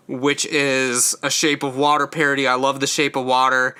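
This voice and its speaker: A man's voice: mid-range voice, level tone, moderate pace, few pauses, bright, forceful tone, clean tone. A young man hosting a casual solo ranking show, talking in a chatty way with lots of fillers and stumbling over his words now and then. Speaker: host ranking episodes.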